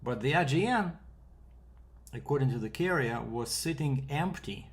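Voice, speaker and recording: A man's voice: medium pitch, lively intonation, normal speed. A man from Canada, a freight broker, telling a rambling casual story with fillers and quoted back-and-forth.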